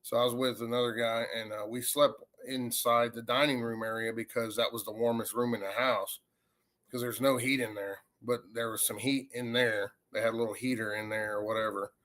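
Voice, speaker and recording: A man, a paranormal investigator telling a ghost story in a rambling, animated way. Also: mid-range voice, brisk. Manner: rambling, animated retelling with acted quotes. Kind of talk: casual storytelling.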